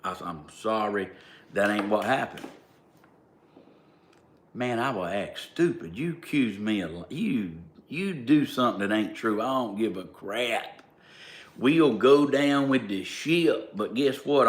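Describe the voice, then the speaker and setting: A man with a Georgia-style Southern accent tells a story straight to the camera. His voice sits a little low, and he talks in a blunt, plainspoken way with an indignant edge. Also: animated, a little slow, fairly bright tone. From Southern United States. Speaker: vlogger. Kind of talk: casual storytelling.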